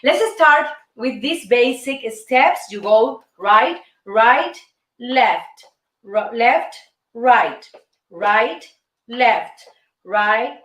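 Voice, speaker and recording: A woman's voice: fairly high pitch, expressive, very slow, fairly bright tone. A woman with a Cuban Spanish accent, a native Spanish speaker, hosting an upbeat dance lesson and coaxing viewers as she counts the beats aloud. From Cuba. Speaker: host and dance teacher. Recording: echoey room, mic far off.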